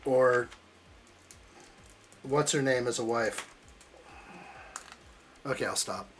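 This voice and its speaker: A man's voice: medium pitch, takes it slowly, a bit bright, soft background music. Man bantering with his live chat. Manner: joking, teasing banter while reading chat aloud. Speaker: live stream host building a model kit. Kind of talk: casual live-stream chat.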